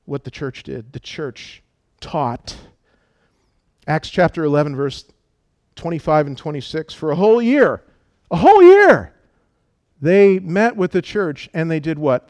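A man's voice: on the high side, darkish tone, no echo. A man preaching a sermon with emphatic delivery, acting out quoted voices as he teaches. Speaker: pastor.

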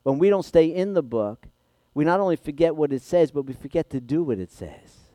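A man preaching a sermon as pastor, with dynamic delivery that swings from hushed, intimate passages to loud, impassioned ones. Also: a little high, lively intonation, a little fast, no room sound.

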